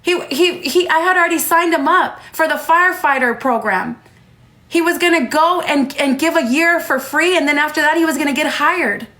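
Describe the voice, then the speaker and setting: A woman's voice: high-pitched, normal speed, pushed and bright. A woman in her thirties talking heatedly on a livestream at home, emphatic and repeating herself. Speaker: livestreamer and mother. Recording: roomy echo.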